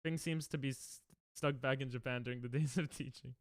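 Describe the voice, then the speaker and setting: A man's voice: medium pitch, steady tone, a little fast, dry recording, clean studio sound. A man streaming, reacting to commercials in casual, joking chat with his viewers, often laughing.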